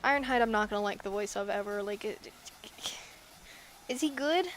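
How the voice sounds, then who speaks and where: A woman's voice: medium pitch, steady tone, rapid-fire, a bit bright, slight background noise. A woman chatting casually while she draws, rambling and giggly with self-deprecating asides. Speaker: artist drawing on stream. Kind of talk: casual chat while drawing.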